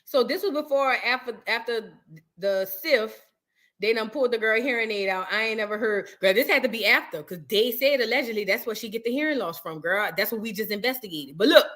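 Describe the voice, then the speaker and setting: High, bright-voiced chatty woman. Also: brisk. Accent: New York. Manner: chatty and animated, reading articles aloud and riffing with asides. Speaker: reaction show host. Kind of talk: casual reaction chat.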